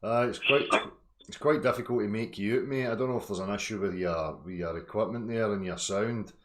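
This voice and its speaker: A man's voice: fairly low pitch, fairly quick. A man hosting a casual live stream, talking in a rambling, earnest way.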